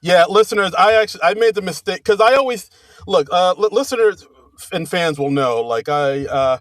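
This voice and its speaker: A man's voice: sits high, animated, normal speed, dry recording. A man from New Jersey co-hosting a podcast, talking casually in a rambling way with restarts and fillers. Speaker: podcast co-host. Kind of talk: casual chat.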